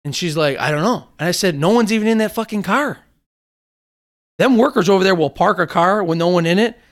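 Animated, foul-mouthed man telling stories. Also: high-pitched, a little fast. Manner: animated storyteller, swears freely. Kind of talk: casual chat.

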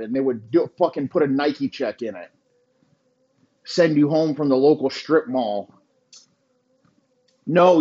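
A man's voice: a little high, darkish tone. A man hosting a podcast, delivering a crude, boastful, insulting comedic rant. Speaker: podcast host. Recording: dull lo-fi sound.

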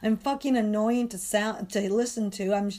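Hoarse, strained woman, profane venting monologue, exasperated and ranting. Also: medium pitch, fairly even intonation, moderate pace, warm tone. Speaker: dog walker and coach.

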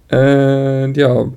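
A man co-hosts a casual podcast. His voice sits in a middle range for a man. He talks in an easygoing, halting way, repeating words as he searches for them and laughing along. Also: medium pitch, gravelly, warm tone, clear, resonant tone. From Germany. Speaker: podcast co-host. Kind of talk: casual chat.

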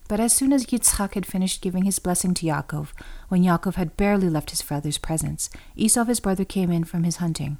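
Female scripture narrator, steady read, low mellow voice. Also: fairly quick. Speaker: scripture reader.

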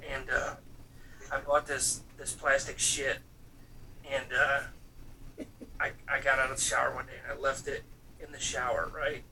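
Bright-voiced man telling profane stories. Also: mid-range voice, flat delivery, normal speed, gravelly, long pauses, a little hiss or hum. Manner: loose, profane storytelling full of fillers and acted-out quotes. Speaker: storyteller in a casual chat. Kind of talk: casual chat. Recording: voice picked up from some distance, faint room ambience.

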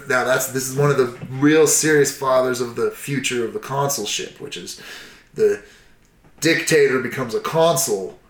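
Casting: male storyteller, loose and profane, lively delivery, mid-pitched, recorded with roomy echo. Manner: profane, animated, acts out shouts and quotes. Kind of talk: casual history storytelling.

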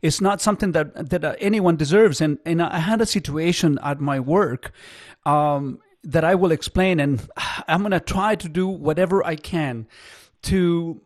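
A man hosting a call-in radio show from a studio microphone, earnest and halting, with many fillers. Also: on the high side, no room sound. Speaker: radio talk show host.

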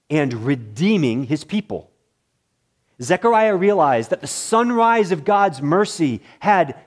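A male pastor preaching a sermon, swinging between loud excitement and hushed, somber tones, with deliberate repeated phrases. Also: fairly high pitch.

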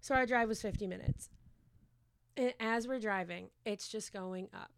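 A woman's voice: medium pitch, normal speed, a little hiss or hum. A young woman in her twenties telling a long, rambling story in casual chat, swearing freely and acting out quotes.

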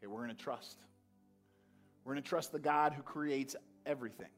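A man preaching a sermon, animated, swinging from loud calls to quiet, earnest talk. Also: mid-range voice, normal speed, soft background music. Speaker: pastor.

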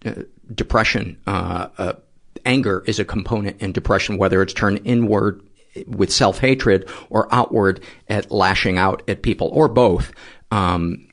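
A man hosting a podcast interview, speaking haltingly with many fillers and cracking dry jokes about himself. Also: on the low side, a bit bright. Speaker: podcast host. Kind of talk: interview conversation.

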